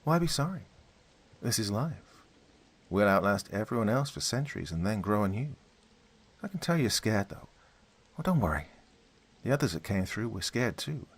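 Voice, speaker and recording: A man's voice: fairly low pitch, sing-song, normal speed, pauses often, breathy edge, full character voice. A man voicing a young woman in a spoken story, soothing and eerily friendly. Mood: eerie calm.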